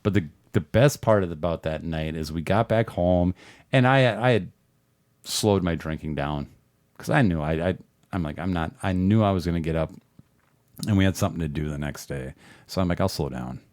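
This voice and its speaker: A man's voice: deep voice, moderate pace, darkish tone, no echo, clean studio sound. A man, a podcast guest, telling a rambling, profane story in a casual way and laughing often.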